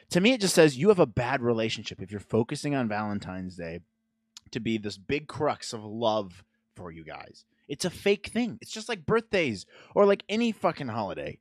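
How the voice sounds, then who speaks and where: Sarcastic ranting man, lively pitch. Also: moderate pace, no echo, studio quality. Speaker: podcast host. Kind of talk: casual chat.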